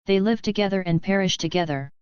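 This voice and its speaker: A woman's voice: medium pitch, quick pace, a little mellow, smooth, dry recording, natural voice. A woman voicing a solemn wolf spirit. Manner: grave, formal speech. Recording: dull lo-fi sound.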